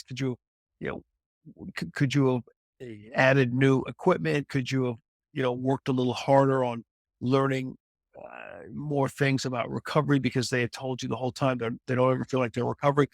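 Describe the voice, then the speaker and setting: Gravelly-voiced man, animated storyteller. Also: mid-range voice, a little fast, no room sound, clean studio sound. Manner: animated storyteller, repeats and restarts phrases. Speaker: celebrity fitness trainer, guest. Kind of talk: candid interview conversation.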